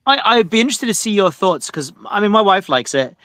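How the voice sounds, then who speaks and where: A man on a casual panel chat, opinionated and measured. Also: high-pitched, very animated, a bit bright. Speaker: podcast panelist.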